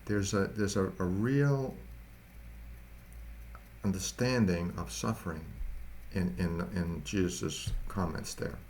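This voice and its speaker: A man, a pastor, giving a storytelling sermon in a halting, conversational way, often repeating words. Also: low-pitched, darkish tone, slight background noise.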